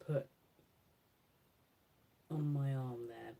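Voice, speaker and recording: A woman's voice: rumbling low, fairly even intonation, measured pace, dark tone, breathy edge. A woman beauty creator chatting casually through a makeup swatch demo, musing aloud and correcting herself as she goes.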